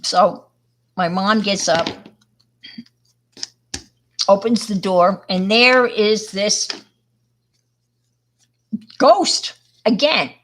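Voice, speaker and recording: A woman from Long Island, New York, talks slowly through a craft demonstration on a live stream. She rambles and tells stories, checking in with her viewers as she works. Her pitch sits in a middle range. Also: fairly bright tone, slight background noise. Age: older. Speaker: art presenter on a live stream. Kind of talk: casual live-stream demo and storytelling.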